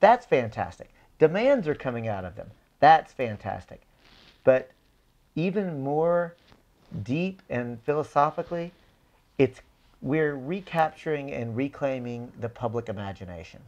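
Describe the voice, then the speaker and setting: A man's voice: medium pitch, animated, measured pace, a little mellow, lo-fi sound. Impassioned man speaking emphatically. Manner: emphatic, builds with repeated phrases. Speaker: political activist guest. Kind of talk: impassioned conversational speech.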